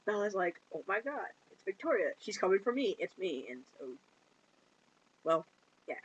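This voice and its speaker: A woman retelling a film plot in casual chat, giggling and slipping into quick put-on voices for the characters. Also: medium pitch, big pitch swings, highs cut off, slight background noise. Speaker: movie reviewer.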